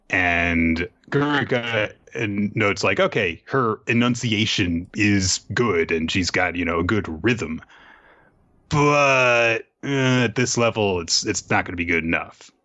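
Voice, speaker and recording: Deep-voiced man recapping in rambling chat. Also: bright, forceful tone, dull audio. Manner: rambling, many fillers and restarts. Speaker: podcast host recapping an anime.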